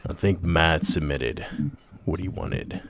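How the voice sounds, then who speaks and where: A man co-hosting a casual live-streamed chat, playful and quick to laugh. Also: extremely low pitch, a little hiss or hum. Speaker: podcast co-host.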